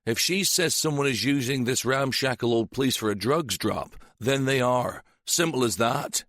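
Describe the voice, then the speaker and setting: A man's voice: medium pitch, moderate pace, a bit bright, no echo, clean studio sound, pitched above the performer's own voice, lightly acted. A man voicing a shrewd, sly older police sergeant, teasing and relishing menace.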